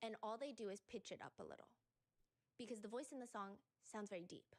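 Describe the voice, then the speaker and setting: A woman's voice: mid-range voice, animated, fast talker, darkish tone, slight background noise. A woman giving casual commentary in a chatty, conversational way, reading out lyrics and comments as she goes.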